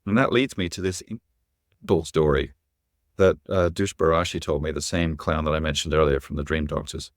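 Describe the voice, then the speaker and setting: Deep voiced middle-aged guy, lively storyteller, dry close sound. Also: moderate pace, dry recording. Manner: animated, acts out quoted voices. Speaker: guest, actor and educator. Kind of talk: storytelling in a podcast interview.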